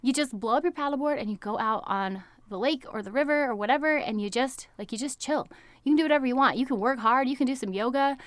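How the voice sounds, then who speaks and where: A woman's voice: high-pitched, fast, no room sound. Upbeat chatty American woman, dry close sound. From United States. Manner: chatty and upbeat, frequent "like", laughs often. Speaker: health coach. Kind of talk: casual podcast monologue.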